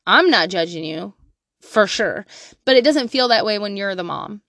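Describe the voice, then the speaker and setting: A mother in her thirties gives frank, profane parenting advice in a candid monologue, laughing often and swinging from quiet asides to loud bursts. Her mid-range voice is expressive and moderately paced. The clean studio recording has no room sound.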